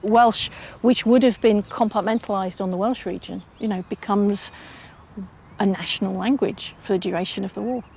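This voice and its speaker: A woman's voice: medium pitch, fairly even intonation, normal speed, creaky, darkish tone, a little hiss or hum. A woman historian answering interview questions in a fluent, explanatory way with occasional ums.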